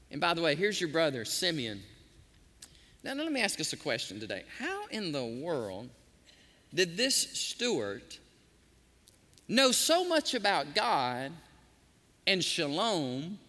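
A pastor preaches with a high, bright and very lively voice. His words ring out with long reverb through a large hall. He swings between excited bursts and soft, drawn-out lines. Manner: animated preaching, sometimes softly sings hymn lines. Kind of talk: sermon.

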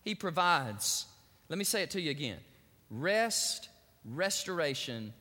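A man's voice: a little high, sing-song, brisk, pushed and bright, long reverb tail. A man preaching a sermon as pastor, building into emphatic swells and repeated phrases.

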